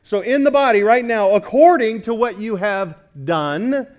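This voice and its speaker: High-voiced preacher quizzing his congregation. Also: measured pace, darkish tone, highs cut off. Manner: asks the congregation questions and repeats key words. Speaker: pastor. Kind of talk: sermon.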